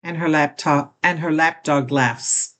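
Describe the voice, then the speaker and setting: A woman's voice: low voice, fairly even intonation, measured pace, a bit bright. An older woman reacting to a clip, commenting in an indignant, critical way. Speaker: reaction video host. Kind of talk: casual commentary.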